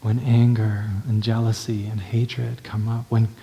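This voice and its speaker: A male meditation teacher giving a dharma talk in a gentle, unhurried way, often checking in with the listener. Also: on the low side, level tone, vocal fry, dull audio.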